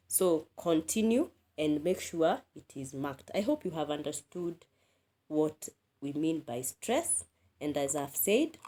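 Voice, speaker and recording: A woman teaching an English grammar lesson, speaking deliberately, repeating key words and asking the listener questions. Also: fairly low pitch, a little mellow.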